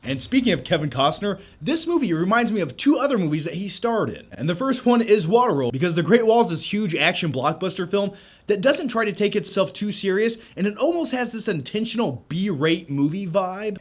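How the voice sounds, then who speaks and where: An American man giving a casual, jokey movie review full of self-mocking tangents. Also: sits high. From United States.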